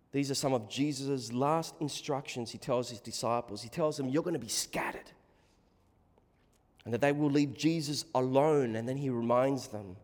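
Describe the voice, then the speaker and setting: A man preaching a sermon, swinging from hushed, slow passages to loud, emphatic ones. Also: medium pitch. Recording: long hall reverb.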